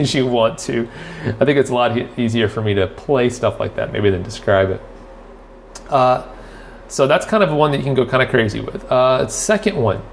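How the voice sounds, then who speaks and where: A man's voice: medium pitch, a little hiss or hum. A man hosting a drum podcast, giving a loose, rambling spoken lesson full of fillers and restarts. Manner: rambling, filler-heavy, loses and finds his thread. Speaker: drummer and podcast host.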